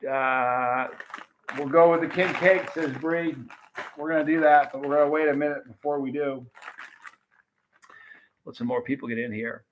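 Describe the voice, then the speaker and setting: A man's voice: a little high, steady tone, moderate pace, long pauses, slight background noise. A man hosting a late-night livestream, casually chatting and thanking viewers by name as he reads their comments. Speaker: livestream host. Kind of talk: casual live chat reading comments.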